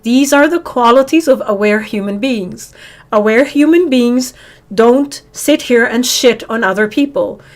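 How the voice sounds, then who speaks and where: A woman's voice: on the high side, measured pace. Earnest woman hosting a live stream. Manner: earnest, preachy, addresses viewers as honey. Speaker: livestream host. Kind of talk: casual live-stream talk to viewers.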